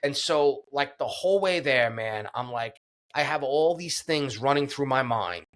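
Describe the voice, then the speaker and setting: A man's voice: mid-range voice, lively intonation, measured pace, a bit bright. A man guest on a podcast, earnestly retelling a personal story with many fillers and restarts.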